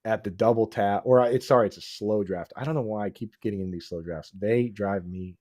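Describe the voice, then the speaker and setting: A man hosting a casual fantasy football podcast, talking excitedly, restarting sentences and calling his guest dude and bro. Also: fairly low pitch, brisk, no echo. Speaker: podcast host.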